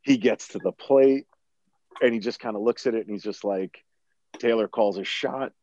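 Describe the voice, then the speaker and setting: Male co-host, animated storyteller, frequent laughs, dry slightly muffled sound. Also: on the low side, normal speed, no echo. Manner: animated storyteller, laughs often, swears freely. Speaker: podcast co-host discussing a film. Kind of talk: casual chat. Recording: dry, slightly dull recording.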